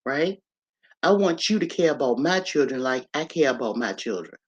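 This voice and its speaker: A livestream host speaking in a mid-range voice, relaxed and conversational. They keep checking in with "okay?" and "right?" and slow down to spell out words letter by letter. They greet viewers by name as they join. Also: mid-range voice, husky. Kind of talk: casual live-stream talk on a faith-tinged topic.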